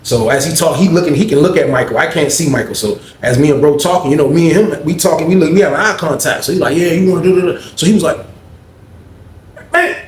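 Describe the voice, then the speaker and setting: A man's voice: fairly high pitch, quick pace, hardly any pauses, a little hiss or hum. Slangy man telling a story, echoey room. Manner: slangy, repeats "you know what I mean". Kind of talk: casual storytelling.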